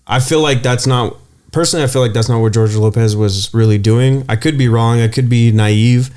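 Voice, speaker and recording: A man's voice: medium pitch, steady tone, brisk, darkish tone. A man co-hosting a podcast in casual chat, hesitant and searching for his words. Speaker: podcast co-host.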